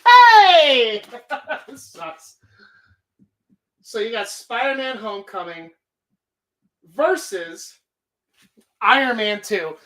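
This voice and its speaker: A woman's voice: medium pitch, animated, slow, long pauses, bright, forceful tone. A woman hosting a live stream, talking casually in a rambling, profane way. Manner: rambling, heavy swearing. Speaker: streamer host.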